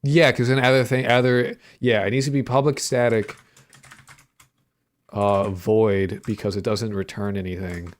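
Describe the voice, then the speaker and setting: A young man with a slightly low voice, riffing with his stream chat as he codes. He rambles through filler words, jokes around and swears casually in a loose, playful way. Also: fairly even intonation, a little slow. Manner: playful, jokey banter with chat. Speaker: streamer and indie game developer. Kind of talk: casual livestream chat while coding.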